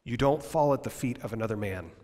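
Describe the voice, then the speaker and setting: Male pastor, passionate sermon delivery that drops to hushed whispers, mid-pitched voice, long hall reverb. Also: quick pace. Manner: impassioned, swings from loud to near-whispers. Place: church service.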